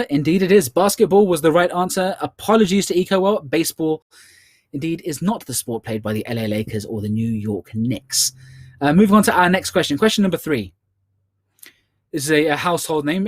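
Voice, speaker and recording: Scottish man hosting a quiz, slightly high. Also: lively intonation, no echo. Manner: chatty, repeats questions slowly. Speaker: quiz host. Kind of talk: online charity quiz hosting.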